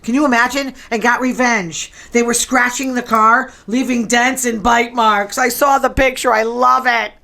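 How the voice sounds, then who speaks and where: A woman hosting a show in casual chat, sassy and quick to tease. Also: on the high side, fairly even intonation, creaky, pushed and bright. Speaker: show host.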